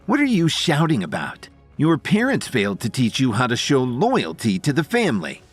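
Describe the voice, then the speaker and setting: A man's voice: mid-range voice, huge pitch swings, moderate pace, fairly bright tone, slightly rough, soft background music, heavily acted. A man voicing a bitter, cruel middle-aged aunt who scolds in an audio drama.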